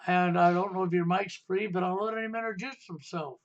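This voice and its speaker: A man's voice: high-pitched, fairly even intonation, fairly quick, dull audio. A man hosting a live stream, ranting insistently and repeating rhetorical questions. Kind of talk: heated political talk stream.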